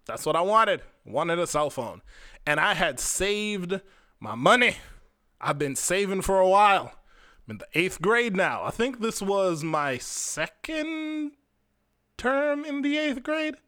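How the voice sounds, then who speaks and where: A man's voice: sits high, very animated, takes it slowly, bright, forceful tone, smooth, no echo, clean studio sound. A young Jamaican man hosting a podcast, telling a personal story in a casual, rambling, profane way and speaking straight to his listeners. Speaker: podcast host.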